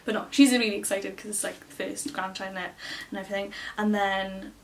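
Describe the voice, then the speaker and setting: Speaking brisk and flat in a mid-range voice, this young vlogger chats to the camera in a cramped, messy room at home. She fills her talk with fillers while recounting what others told her. The recording picks her up from slightly afar, with a little room noise.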